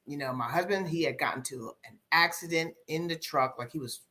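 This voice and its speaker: Brief: middle-aged woman, deep-pitched, candid and reflective, podcast guest recounting hard times. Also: fairly quick, sharp tone. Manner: candid, reflective, with many ums and repeated phrases. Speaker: guest life coach. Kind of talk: podcast interview storytelling.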